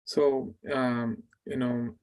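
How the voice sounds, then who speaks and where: A man who teaches a scripture class, retelling an epic in a lively way and speaking the characters' words aloud. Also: medium pitch, extremely slow.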